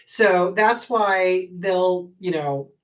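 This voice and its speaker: A woman's voice: fairly low pitch, drawn-out words, recorded from a distance. A woman therapist hosting an advice show, answering viewer questions in a blunt, emphatic way and repeating her key advice.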